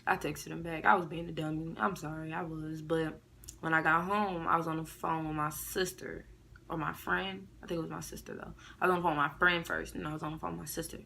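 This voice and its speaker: A young woman tells a long storytime straight to camera, loose and slangy. Her voice is bright and a little low-pitched, and she jumps up into sharper voices when she quotes people. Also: fairly quick, vocal fry, slight background noise. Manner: animated, slangy, acts out quotes in raised voices. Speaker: vlogger. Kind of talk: casual storytime monologue.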